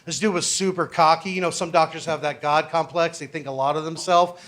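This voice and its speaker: A man's voice: fairly high pitch, steady tone, a little fast, fairly bright tone. A man doing a stand-up set in a comedy club, telling a story loosely and building to exasperated punchlines.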